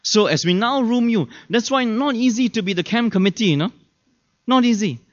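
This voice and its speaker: A man's voice: high-pitched, animated, fairly quick. A man preaching a sermon as pastor, chatty and full of rhetorical questions to the audience, often acting out the people he quotes. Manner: acts out quoted people in shifted voices. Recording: dull lo-fi sermon recording.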